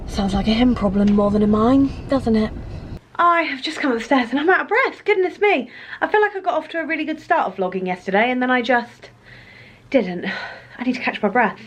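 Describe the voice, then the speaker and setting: A British woman in her thirties chatting casually to camera in a rambling, self-deprecating vlog. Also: mid-range voice. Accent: British English. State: pregnant. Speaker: vlogger.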